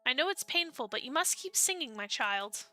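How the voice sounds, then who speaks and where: A streamer lending her voice to a gentle older woman mentor in a dating-sim game, slow and earnest as she urges someone on. The tone rides a little high and bright, and the sound is close and dry. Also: animated, dry recording, faint music behind, exaggerated voice. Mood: urging. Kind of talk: game dialogue read aloud.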